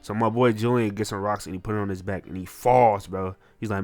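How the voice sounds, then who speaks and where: A man recapping a manga chapter in casual, excitable, profane slang. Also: fairly low pitch, a little fast. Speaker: manga reviewer.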